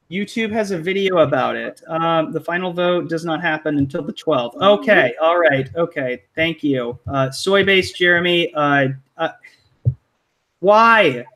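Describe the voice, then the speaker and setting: A man hosts a casual live-stream panel, his voice sitting a little high for a man. He rambles, restarts and fills gaps with ums and likes, laughing easily. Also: unhurried, fairly bright tone. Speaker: host of a live online panel.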